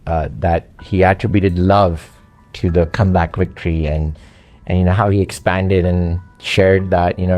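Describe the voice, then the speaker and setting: A man with an accent telling his story to a coach in an earnest, halting conversational way, with frequent fillers. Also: low voice, fairly even intonation, a little mellow. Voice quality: speaks with an accent. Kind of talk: casual conversation.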